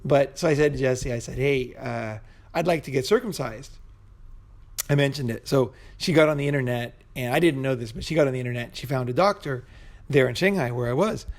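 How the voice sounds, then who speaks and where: A man with a gravelly, middle-pitched voice talks straight to camera in a loose, profane storytelling way. He rambles and restarts, peppering every thought with "you know" and "right?". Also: fairly quick. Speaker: vlogger. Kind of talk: casual storytelling monologue. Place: Bangkok.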